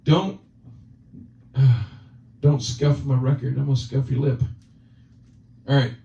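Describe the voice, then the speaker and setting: A man's voice: medium pitch, level tone, takes it slowly, vocal fry, warm tone. A man hosting a casual chat, teasing his guest in joking banter. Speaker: channel host. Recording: roomy, distant, dull sound.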